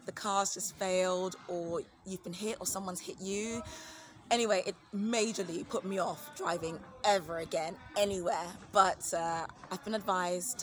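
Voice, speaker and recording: A woman in her thirties from the United Kingdom, a family vlogger at home, tells a casual story in a mid-range voice with background noise. She is animated and acts out the voices of the people she quotes.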